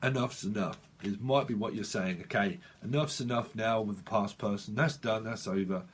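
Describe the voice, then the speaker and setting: A man's voice: on the low side, moderate pace, breathy edge. A man giving a casual tarot reading, rambling, swearing and talking straight to the viewer. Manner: rambling, swears, laughs often, talks to the viewer. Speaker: tarot reader.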